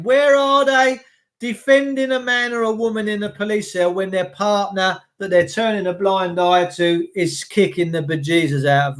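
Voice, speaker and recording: A man's voice: high-pitched, fairly bright tone. Indignant English man ranting. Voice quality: coarse, sweary. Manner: indignant, repetitive rhetorical questions. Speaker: commentator. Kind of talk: ranting monologue.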